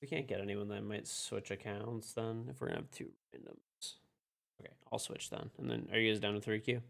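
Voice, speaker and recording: A man's voice: fairly low pitch, animated, brisk, vocal fry, fairly bright tone. A young man streaming a game, chatting casually in a joking, profane, laid-back way. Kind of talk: casual chat.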